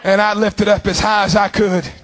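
A man preaching a sermon fervently, with long drawn-out phrases. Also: high-pitched, little pitch movement, a bit bright.

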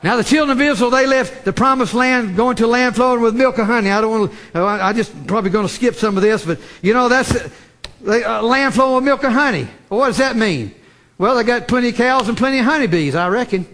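Fervent high-voiced male preacher. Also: quick pace. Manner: fervent, repeats phrases, builds to shouted emphasis. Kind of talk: sermon.

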